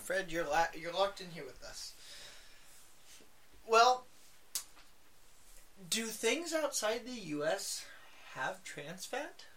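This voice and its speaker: A man's voice: sits high, very animated, takes it slowly, pauses often, bright, forceful tone. Rambling, profane man on a podcast. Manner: rambling, profane, lots of fillers and restarts. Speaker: podcast co-host. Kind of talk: casual chat. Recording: faint background noise, poor audio.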